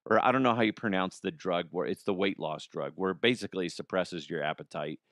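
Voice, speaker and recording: A man's voice: low-pitched, brisk, fairly bright tone, dry recording, studio quality. Rambling, profane man joking about news. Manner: rambling, profane, laughs at own jokes. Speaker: host. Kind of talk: casual comedic news commentary.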